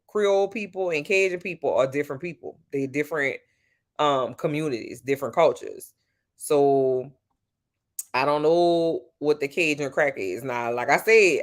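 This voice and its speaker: A woman from Louisiana with a Louisiana accent, chatting casually and playfully with viewers at home on a live stream. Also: sits low. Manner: sassy, playful, talks straight to her viewers. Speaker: live streamer answering chat. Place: at home at night.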